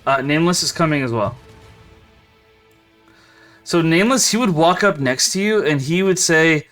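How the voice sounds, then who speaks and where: A man narrating as game master for a tabletop game, rambling and quick to laugh. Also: on the high side, expressive, a bit bright, faint music behind.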